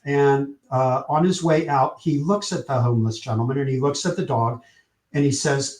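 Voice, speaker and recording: A man telling a story with energy in an interview, acting out the quotes with lively shifts in tone. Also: medium pitch, normal speed, roomy sound. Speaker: publicist, podcast guest.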